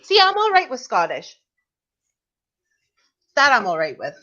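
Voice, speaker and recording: A woman's voice: fairly high pitch, wildly swooping pitch, measured pace, bright, forceful tone. A woman hosting a livestream, chatting casually and laughing between her thoughts. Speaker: livestream host. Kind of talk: casual chat. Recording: dull livestream audio.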